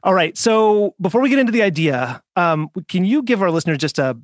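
A man hosting a podcast, reading a scripted introduction and then asking his guest questions in a measured, articulate way. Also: high-pitched, lively intonation, no echo, clean studio sound. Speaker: podcast host.

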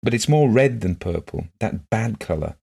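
A man reading the part of a gentle, shy blind woman who talks softly and earnestly in simple phrases. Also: on the low side, animated, moderate pace, creaky, breathy edge, pitched above the performer's own voice, heavily acted.

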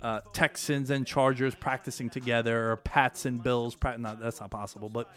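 A man's voice: mid-range voice, little pitch movement, normal speed, fairly bright tone, soft background music. A man hosting a solo sports podcast, talking loosely and with energy, swearing casually. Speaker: podcast host. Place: home studio, New York.

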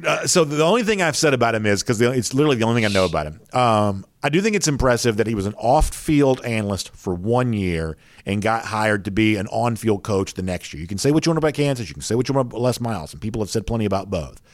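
A man's voice: lowish voice, animated, quick pace, hardly any pauses, no echo. A man co-hosting a casual sports talk show in a wry, chatty way. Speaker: sports podcast co-host.

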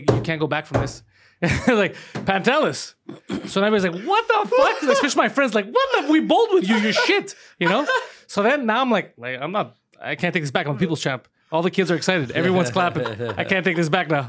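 A man hosting a podcast, telling a story casually with lots of swearing and laughter. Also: a little high. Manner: profane, laughing, animated storyteller. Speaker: podcast host.

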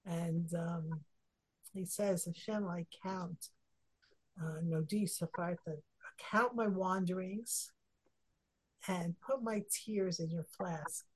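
A woman, a rebbetzin, leading a casual Torah discussion and telling stories with animated emotion. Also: on the low side, slow, breathy edge.

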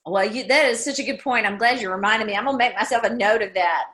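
A woman in her sixties with a bright, clear voice, chatting as a guest author. She talks in a reflective, easygoing way and laughs easily. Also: fairly high pitch, quick pace. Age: 60s. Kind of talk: casual interview chat.

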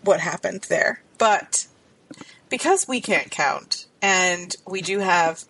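A woman's voice: lowish voice, animated, takes it slowly, gravelly, fairly bright tone, husky, poor audio. A woman co-hosting a podcast in casual, playful chat. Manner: upbeat, playful, chatty. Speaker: podcast co-host.

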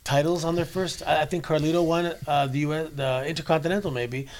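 A man's voice: on the high side, fairly even intonation, quick pace. A man in his forties from Canada, a former wrestler, telling stories in a casual interview at a convention and restarting his sentences often. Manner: chatty storyteller with many restarts. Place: wrestling convention in New York.

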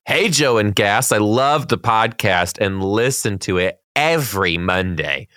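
Low, bright-voiced podcast host. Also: male voice, expressive, a little slow, no echo. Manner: reads listener emails aloud, dry reactions. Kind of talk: casual chat.

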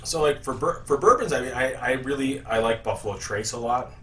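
A man's voice: medium pitch, brisk, a bit bright. Chatty male guest, distant mic, roomy sound with faint noise. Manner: rambling with restarts, dry joking. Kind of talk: casual chat.

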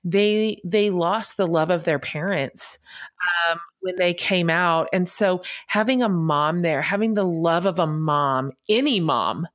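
Woman interviewer, sincere and sympathetic, somewhat low-pitched. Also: measured pace. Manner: earnest, sympathetic. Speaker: host. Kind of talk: interview conversation.

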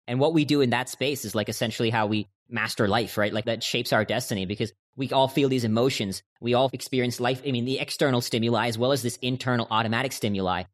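Man, podcast guest, fast-paced, earnest, explains with stories, mid-pitched voice. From United States. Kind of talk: conversational interview.

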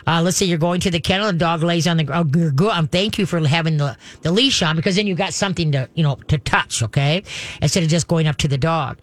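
A woman's voice: deep voice, fast, no room sound. A woman hosting a call-in radio show, chatting, giggling and rambling through advice for a caller.

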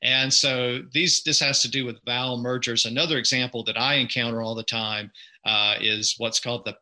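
A man's voice: mid-range voice, fairly even intonation, moderate pace, bright, forceful tone, poor audio. A man with a Southern US accent, a podcaster and lawyer, explaining things patiently and precisely as an interview guest.

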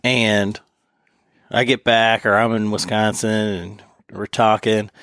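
A man's voice: on the low side, slow pace, clean tone, no room sound, studio quality. A man hosting a casual hunting podcast, telling stories with lots of laughter and acting out what others said. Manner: animated, laughing storyteller who acts out others' lines. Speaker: podcast host.

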